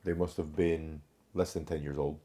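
A man who worked as an investigator, calmly telling stories from his cases in a conversation. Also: extremely low pitch. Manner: measured, recounts cases with quoted dialogue. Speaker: former homicide investigator. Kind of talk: conversational storytelling.

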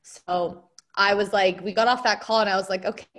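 A woman's voice: mid-range voice, steady tone, fairly bright tone. Earnest young woman, heartfelt chat. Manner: earnest, heartfelt, quick rambling. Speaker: podcast co-host. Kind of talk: casual podcast chat.

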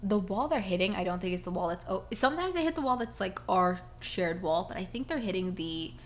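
A woman co-hosting a podcast, telling stories in a casual, animated chat full of fillers. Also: mid-range voice, a little fast, slight background noise. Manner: chatty, animated storytelling with many fillers. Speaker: podcast co-host.

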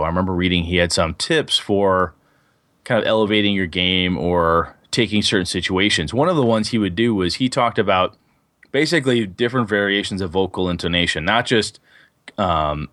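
A man's voice: sits low, dry recording. A man co-hosting a casual podcast about tabletop gaming, telling long rambling stories full of fillers. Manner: rambling, animated storyteller with many fillers. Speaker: podcast co-host.

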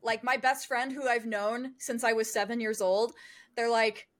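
A woman's voice: on the high side, level tone, moderate pace, fairly bright tone. A young adult woman chatting as a podcast guest, bubbly and self-deprecating, often laughing. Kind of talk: casual chat.

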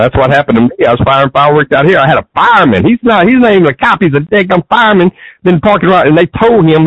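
Man, interview guest: husky, middle-pitched voice, dry dull lo-fi sound, rambling and restarting. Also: no echo. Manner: rambling, restarts sentences often. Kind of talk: casual interview talk.

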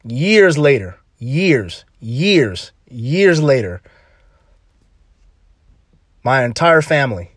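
A man's voice: medium pitch, sing-song, very slow, pauses often, slightly rough, dry recording, clean studio sound. A man hosting a podcast, giving an emphatic, slangy motivational talk full of repeated punchy phrases. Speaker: podcast host.

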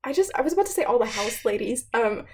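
A young woman with a slightly high voice talks through history in a loose, chatty way. She leans on fillers and laughs often. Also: lively intonation, fast, a little mellow, breathy edge. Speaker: student presenter. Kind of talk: casual history explainer.

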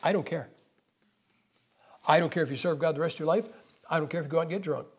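Husky man preaching emphatically. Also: fairly high pitch, fast. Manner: conversational, emphatic, joking asides. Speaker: guest preacher. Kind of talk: sermon.

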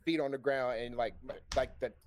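A man spins a long story in casual conversation, swearing freely and acting out what the people in it said. His voice is medium-pitched and a little fast, with slight background noise.

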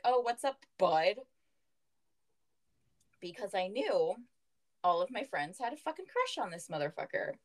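Young woman co-host, casual storyteller, very lively pitch, swears freely, laughs a lot. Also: rough recording. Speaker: podcast co-host. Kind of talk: casual chat.

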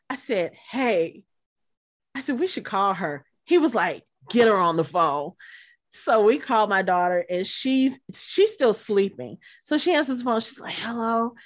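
A middle-aged woman co-hosting a podcast, telling a long convention story in casual chat and acting out the quotes in high voices. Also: no echo, clean studio sound. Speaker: podcast co-host.

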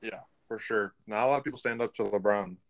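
A man's voice: on the low side, fast talker. A man co-hosting a casual sports chat, asking questions and giving short replies. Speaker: podcast co-host.

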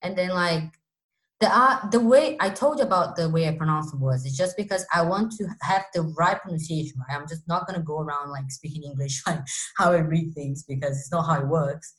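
A young woman from Brazil with a Brazilian Portuguese accent and a deep voice, chatting casually with lots of fillers and restarts. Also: brisk, fairly bright tone, rough recording. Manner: talks with many fillers and restarts. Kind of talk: casual chat.

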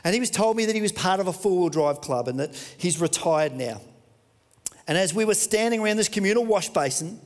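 Earnest Australian preacher in a reverberant hall. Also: male voice, on the high side. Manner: earnest, conversational storytelling. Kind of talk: storytelling sermon.

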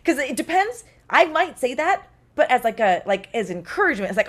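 A woman voice actor chatting casually, telling lively stories and mimicking the people she quotes. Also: high-pitched, brisk. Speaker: podcast guest, voice actor. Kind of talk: casual chat. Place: recording studio.

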